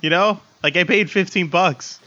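Male co-host, bright forceful voice, blunt joker. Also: high voice, normal speed, lo-fi sound. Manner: blunt, profane, joking. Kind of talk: casual chat.

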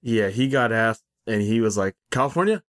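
A man's voice: lowish voice, steady tone, moderate pace, smooth. A man co-hosting a wrestling podcast in casual chat, rambling and trailing off with restarts. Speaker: podcast co-host.

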